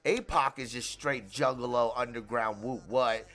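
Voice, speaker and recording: A man's voice: medium pitch, measured pace, fairly bright tone. A man hosting an online hip hop radio stream, chatting casually in a rambling, profane way and laughing often. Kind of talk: casual live-stream chat.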